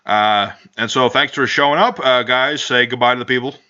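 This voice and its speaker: A man's voice: mid-range voice, normal speed, pushed and bright. A man hosting a casual podcast, rambling and joking with frequent swearing. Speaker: podcast host. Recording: dull lo-fi home recording.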